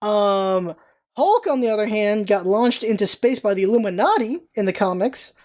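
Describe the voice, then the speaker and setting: Chatty excitable young woman, mellow tone. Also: mid-range voice. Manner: chatty, excitable, rambling with many restarts; acts out characters' lines in quick impressions. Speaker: movie reviewer. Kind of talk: casual movie review vlog.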